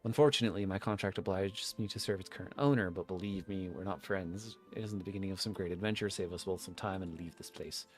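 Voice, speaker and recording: A man voicing a haughty, ancient male spirit cat who guards a tavern, reading game dialogue aloud with booming, imperious commands. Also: fast talker, hardly any pauses, faint music behind, close to an everyday voice. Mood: weary, scornful.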